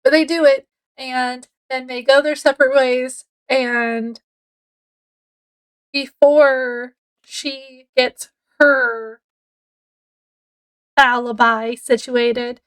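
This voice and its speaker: A woman's voice: high voice, steady tone, drawn-out words, pauses often, a bit bright, smooth, low-quality recording. A woman giving a casual, chatty book review, rambling a bit with fillers as she retells the plot.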